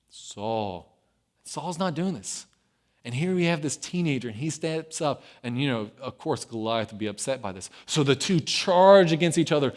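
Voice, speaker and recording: A pastor with a high voice tells a sermon story in an easy, chatty way. He often tosses in "right?" to check in with his listeners. He gets animated as he acts out the voices of the people in the story. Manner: conversational, keeps checking in with "right?".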